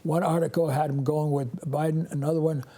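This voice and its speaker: A man in his eighties, a priest hosting a call-in show, telling stories in a halting, rambling way with many restarts and chuckles. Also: a little high, level tone, warm tone. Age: 80s.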